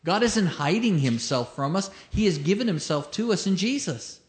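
A man's voice: high-pitched, expressive, normal speed. A male pastor preaching a sermon, emphatic, stacking repeated phrases and rhetorical questions, and telling a joke as a story.

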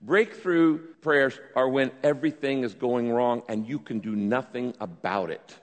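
A man preaching a sermon, teaching emphatically and dropping now and then to a low, quiet tone. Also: measured pace, big-room sound. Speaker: pastor.

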